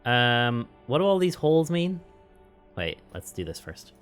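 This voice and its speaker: A man's voice: medium pitch, big pitch swings, measured pace, faint music behind. A man streaming a game playthrough, hesitant and swearing freely as he talks.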